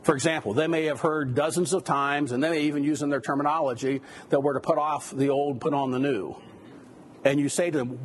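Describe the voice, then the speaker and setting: A man's voice: a little high, steady tone, brisk, a little hiss or hum. A man giving a conversational lecture on biblical counseling, with rhetorical questions and asides. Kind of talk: classroom lecture.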